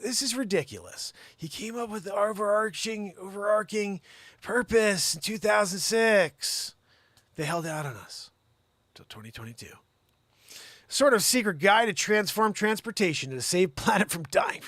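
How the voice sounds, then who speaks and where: A man hosting a comedy news show, reading stories with excitable asides, swearing and rants. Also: high-pitched, moderate pace, no echo.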